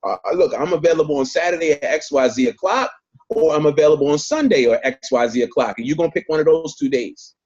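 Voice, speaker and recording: A man's voice: on the high side, quick pace, darkish tone, dull audio. Emphatic man coaching sales on a call. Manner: emphatic, repeats points, talks straight to the group. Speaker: network marketing trainer. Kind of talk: motivational sales training on a video call. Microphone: video call.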